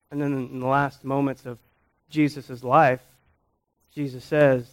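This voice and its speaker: A male pastor preaching a sermon in a church, swinging between loud emphasis and near-quiet and often repeating his words. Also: mid-range voice, lively intonation, measured pace.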